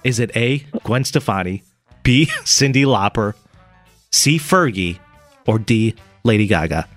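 A man's voice: fairly low pitch, unhurried, soft background music. Teasing radio quiz host, man. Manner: teasing, lively, reads out multiple-choice answers. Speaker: radio morning show co-host running a quiz. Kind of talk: playful quiz hosting.

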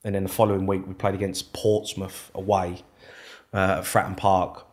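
Speaking in a low voice at normal speed, this man is a former footballer recounting stories in a relaxed interview. He gets animated, swears without restraint and plays out past conversations.

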